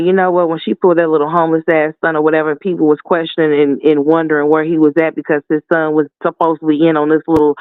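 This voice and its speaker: A man with a notably high voice delivers fiery, profane, sassy commentary. The sound is thin and phone-like, with no room at all around it. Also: clean tone, dry recording. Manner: heated, profane, sassy ranting. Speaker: commentary host. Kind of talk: ranting commentary. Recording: tinny phone-like dry sound.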